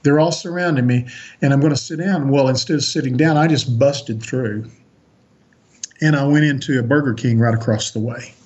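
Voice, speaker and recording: A man's voice: medium pitch, moderate pace, darkish tone, breathy edge, highs cut off. A man on a podcast as a guest, earnestly recounting a personal story with frequent restarts.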